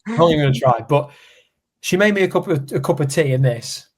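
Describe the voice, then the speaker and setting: A young man from England, co-hosting a podcast, telling stories in a casual, animated chat and acting out what people said. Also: fairly high pitch, fast, slightly rough. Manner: animated storyteller, acts out quotes. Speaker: podcast co-host.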